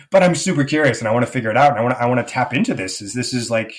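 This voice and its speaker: Fast-talking man telling a personal story. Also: mid-range voice, lively intonation. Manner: earnest, frequent fillers like "like". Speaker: guest, life coach. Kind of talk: personal storytelling in a podcast interview.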